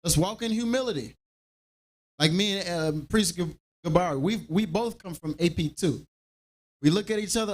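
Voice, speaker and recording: A man leading a scripture class in an animated preaching style, acting out everyday dialogue to make his points. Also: high-pitched, moderate pace.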